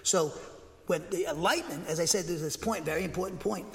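High-voiced preacher guy, fired up and dogmatic, church echo hanging on everything. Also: fairly quick. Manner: emphatic, bangs the pulpit, excitable; dogmatic, speaks with conviction. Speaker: pastor. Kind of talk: sermon. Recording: long hall reverb.

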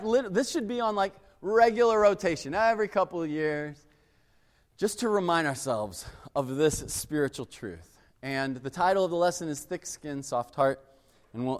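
A pastor gives a loose, conversational sermon, telling family stories and acting out the scenes as he goes. His voice sits a little high for a man. It rings with the long reverb of a large hall. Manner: chatty, uses "like" a lot, acts out family scenes. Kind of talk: casual storytelling sermon.

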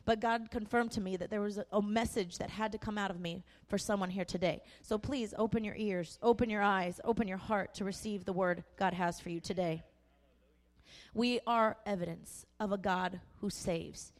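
A woman's voice: medium pitch, steady tone, moderate pace. A young woman pastor giving an impassioned sermon testimony, earnest and emphatic with repeated phrases. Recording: echoey hall.

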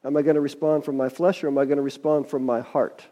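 A man's voice: medium pitch, flat delivery, fast talker, warm tone. A man preaching a sermon, reading scripture and adding folksy, conversational asides.

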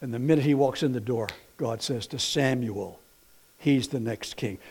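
A middle-aged man preaching a sermon in an animated way, swinging from quiet to loud, telling stories with folksy, playful asides. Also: medium pitch, normal speed, breathy edge. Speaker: pastor.

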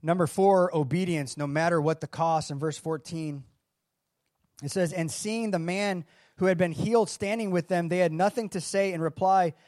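Man, pastor, conversational sermon, somewhat high voice, dry close recording. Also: normal speed, darkish tone, dry recording. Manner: conversational preaching with asides and restarts.

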